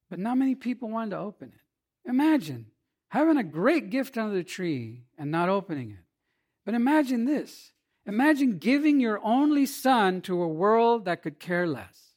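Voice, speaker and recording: A man preaching a sermon, swinging between emphatic loud lines and hushed, quiet passages. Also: high-pitched. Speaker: pastor.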